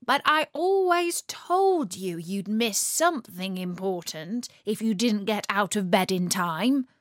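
A father in a children's story who scolds calmly and matter-of-factly, as a woman reads him. He speaks slowly, close and dry. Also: mid-range voice, no echo. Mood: scolding. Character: patient, scolding storybook dad. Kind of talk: storybook reading.

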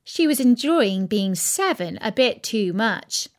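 A woman reading a children's story aloud in an expressive, gently dramatic way. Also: fairly high pitch, slow.

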